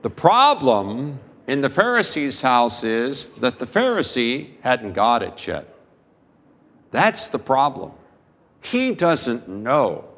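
Slow, deliberate preaching man in reverb. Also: medium pitch, a bit bright. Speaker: pastor. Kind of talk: sermon.

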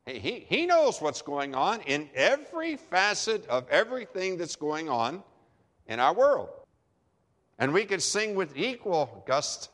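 A man's voice: high voice, big pitch swings, fairly bright tone. Emphatic preacher man in a reverberant hall. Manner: emphatic preaching, dramatic pauses and repeated phrases. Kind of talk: sermon.

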